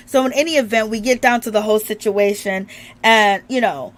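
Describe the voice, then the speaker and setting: A reality TV recap vlogger chats casually with her viewers about a show, laughing often. Her voice is on the high side and fairly quick, sounding strained as she recovers from illness.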